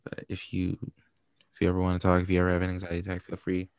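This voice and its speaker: A man's voice: sits low, completely flat delivery, racing, a little mellow, clear, resonant tone, no echo, clean studio sound. A man co-hosting a podcast, giving frank, supportive advice in casual chat full of fillers. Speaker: podcast co-host.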